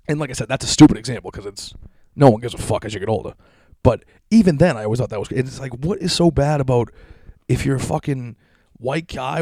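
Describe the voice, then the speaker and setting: A man's voice: medium pitch, no room sound, studio quality. Profanely ranting young man. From Massachusetts. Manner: crude, animated, sarcastic, heavy swearing.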